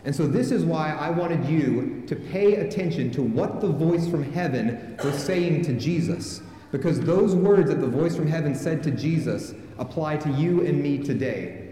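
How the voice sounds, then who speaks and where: A man preaches a sermon and calls on his congregation to respond. His voice sits a bit high and sounds dark and mellow. It rings through a large church hall with long, echoing reverb. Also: expressive, normal speed, a little hiss or hum. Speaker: pastor.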